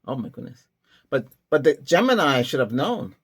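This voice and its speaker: A man's voice: medium pitch, sing-song, moderate pace, vocal fry, husky. A man hosting a tech channel, talking casually and rambling with many restarts and chuckling asides. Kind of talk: casual rambling vlog talk.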